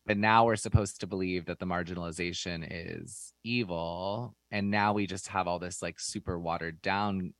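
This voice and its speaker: A man with a raspy voice co-hosting a podcast, chatting loosely and sardonically with many fillers. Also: low-pitched, steady tone, normal speed, hardly any pauses, fairly bright tone, no room sound. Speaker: podcast co-host. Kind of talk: casual podcast chat.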